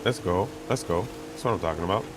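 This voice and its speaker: A man giving chatty, self-mocking commentary while playing a racing game, getting excited when he pulls ahead. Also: sits low, fast. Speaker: gamer commentating his play. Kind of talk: casual gameplay commentary. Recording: game engine noise behind voice. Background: racing game car sounds.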